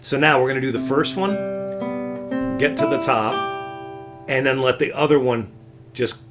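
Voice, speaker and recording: A man teaching a live classical guitar lesson, explaining patiently and warmly encouraging his student. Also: mid-range voice, unhurried.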